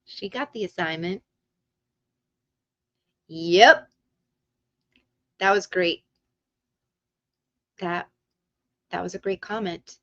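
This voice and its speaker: A woman hosting a live stream, chatting casually and excitedly to her chat viewers. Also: lowish voice, extremely slow, long pauses, no echo, highs cut off.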